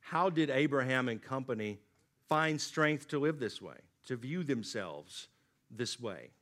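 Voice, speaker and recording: A man preaching a sermon, swinging from loud emphatic lines to low, quiet drops. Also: lively intonation, unhurried. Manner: dynamic preaching, rising emphatic then dropping low and quiet. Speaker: pastor.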